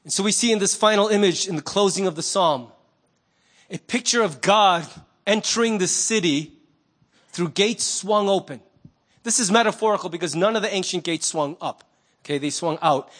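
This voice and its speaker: A man preaching a sermon as pastor, conversational and animated, acting out little quoted voices. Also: high voice, moderate pace.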